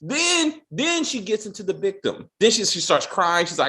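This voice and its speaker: Dude hosting a movie review chat, bouncy pitch, swears a lot, keeps restarting. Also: male voice, normal speed. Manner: animated, profane, many restarts and acted-out quotes. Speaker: podcast host. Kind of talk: casual film review chat.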